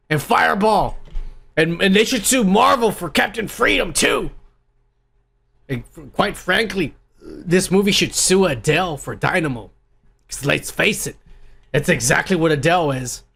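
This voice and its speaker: A man's voice: high voice, creaky, a bit bright, breathy edge. A man hosting a podcast, delivering an angry, profane rant in a movie review and swearing constantly. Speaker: podcast host.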